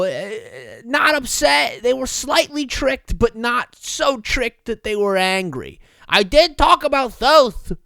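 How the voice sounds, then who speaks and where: A man rambles through his podcast as host, excitable and goofy, quick to poke fun at himself. His voice swings all over the place and has a bright edge. The sound is dry and close. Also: high voice, no echo. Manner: excitable, goofy, self-deprecating. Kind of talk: casual rambling monologue.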